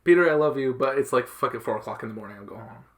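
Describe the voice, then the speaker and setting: A blunt, caring old aunt from a comic book, as a man paraphrases her lines in his own voice. The tone is bright and conversational, closer to retelling than acting. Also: medium pitch, animated, rapid-fire, natural voice. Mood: candid. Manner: casual paraphrase, quoted in his plain voice. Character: elderly aunt, older woman, caring and blunt.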